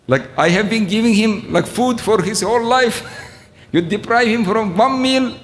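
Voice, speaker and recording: A middle-aged man lectures on ethics in an unhurried, halting way, stopping often to find his words and letting out small chuckles. His voice sits a bit high for a man. The sound rings with the long reverb of a lecture hall. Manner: slow and halting, with frequent "uh" pauses and chuckles. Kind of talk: Islamic ethics lecture retelling a story.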